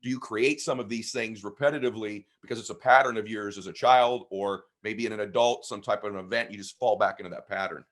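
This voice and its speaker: A man, a guest on an interview podcast, telling personal stories with animated emphasis. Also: on the low side, fast talker, hardly any pauses. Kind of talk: storytelling conversation.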